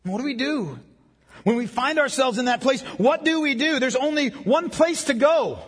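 A man preaching a sermon as a pastor, impassioned and emphatic, with a husky voice. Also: very high voice, lively intonation, normal speed. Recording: long reverb of a large hall.

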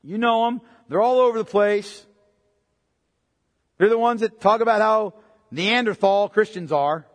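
A man preaching a sermon in a high voice, his words ringing out in a hall with a long echo. He is impassioned, pushing up loud in places and dropping low and quiet to stress a point. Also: unhurried, long pauses. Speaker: pastor.

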